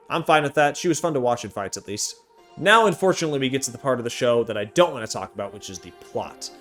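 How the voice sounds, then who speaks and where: A man giving a casual, sarcastic anime review with big jumps in pitch. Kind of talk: casual commentary.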